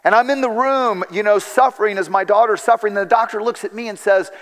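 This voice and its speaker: A man preaching a sermon with a high, light voice and earnest storytelling, acting out the lines he quotes. His voice rings with a long reverb through a large church hall. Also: quick pace, fairly bright tone.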